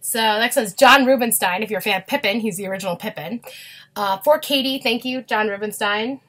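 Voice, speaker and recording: A young woman chatting casually in a vlog, gushing and quick to get emotional. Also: a little high, fairly bright tone. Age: young adult. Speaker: vlogger. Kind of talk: casual chat.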